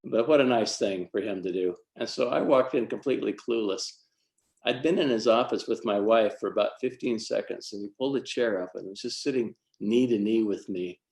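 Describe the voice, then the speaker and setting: A man's voice: fairly low pitch, a little fast, creaky, darkish tone, echoey room. A man who leads a church youth group, telling a personal story in a devotional talk, earnest and lightly self-mocking.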